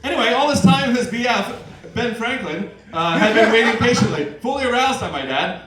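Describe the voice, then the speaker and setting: A man's voice: very high-pitched, expressive, a little fast, few pauses, a crowd in the background. A man performing at an open mic comedy night, reading comic fan fiction aloud with rambling asides and fillers. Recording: echoey and distant with noise.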